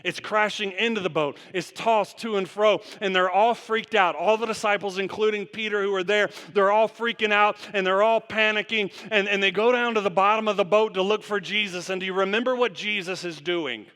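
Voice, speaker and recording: A man's voice: high-pitched, steady tone, fairly quick, hardly any pauses, bright, forceful tone. A man preaching a sermon as pastor, putting rhetorical questions to the congregation in long runs. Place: church sanctuary. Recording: long church reverb.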